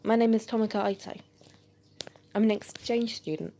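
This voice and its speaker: A woman's voice: fairly high pitch, flat delivery, moderate pace, mellow, slight background noise, close to an everyday voice. A woman voicing a shy new exchange student girl. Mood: hesitant. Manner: apologetic and unsure. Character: polite, hesitant teenage girl exchange student.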